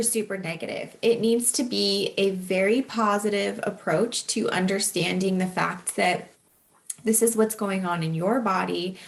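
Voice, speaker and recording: A woman in her thirties hosting a podcast, talking candidly and earnestly straight to her listeners in a casual advice style. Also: mid-range voice. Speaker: podcast host.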